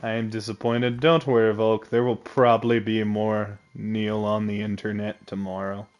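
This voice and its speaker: A man's voice: lowish voice, moderate pace, highs cut off. Joking, laughing male game streamer. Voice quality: laughs often, jokey and animated. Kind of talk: casual live-stream gaming chat.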